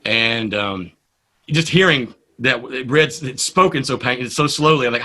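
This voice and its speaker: A man, a poet and radio host, telling stories in a casual interview with an animated manner. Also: medium pitch, moderate pace. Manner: animated storyteller.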